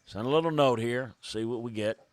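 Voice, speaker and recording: A man hosting a draft show, thinking aloud in halting, casual commentary and getting excited when news comes in. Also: medium pitch, no room sound.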